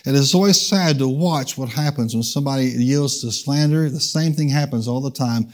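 Preaching in church, a pastor draws the congregation into call-and-response and changes tempo for emphasis. His voice is mid-range and his speed normal.

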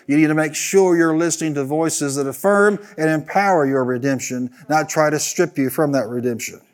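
A pastor preaching with steady emphasis, his voice sitting on the higher side for a man. He hammers home lines by repeating them and calls on the congregation to answer back. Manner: emphatic call-and-response preaching, repeating phrases. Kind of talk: sermon.

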